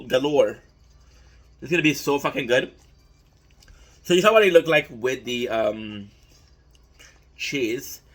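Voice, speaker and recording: A young man with a mid-range, slightly bright voice hosts a casual mukbang vlog, cooking while he chats loosely. He swears freely and throws in hyped asides.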